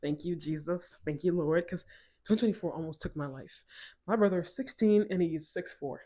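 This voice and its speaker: Animated young woman telling a story. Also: on the low side, a little fast. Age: 20s. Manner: animated, laughing often, chatty asides to viewers. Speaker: storytime vlogger. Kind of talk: casual storytelling to camera.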